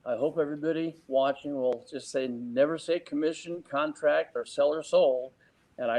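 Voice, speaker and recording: A man with a mellow, dark-toned voice shares sales tips in an interview. He talks lively and breaks into little acted-out client exchanges. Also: mid-range voice, rough recording. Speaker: real estate sales trainer. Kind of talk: interview advice.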